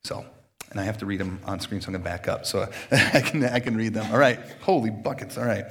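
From a church stage, a pastor leading baptisms gives a casual sermon invitation in a loose, chatty way, joking and laughing often between phrases. He frequently restarts his sentences. His voice is fairly low, a bit bright and fairly quick.

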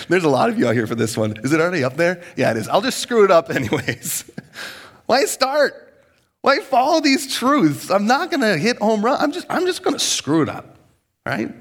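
Brief: middle-aged male pastor, slightly high voice, lively, jokey sermon delivery. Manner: lively, joking, acts out quoted voices.

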